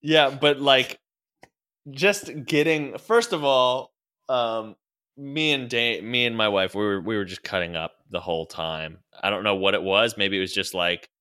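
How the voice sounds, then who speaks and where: A young man chatting casually, telling a story with lots of swearing and quick impressions of people he quotes. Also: on the low side, bright, forceful tone, clean tone. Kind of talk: casual podcast chat.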